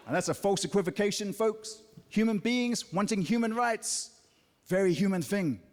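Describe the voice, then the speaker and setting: On a theatre stage in a large hall, a New Zealand comic in his thirties runs through a punchy stand-up set with mocking asides, speaking at normal speed in a voice that sits high.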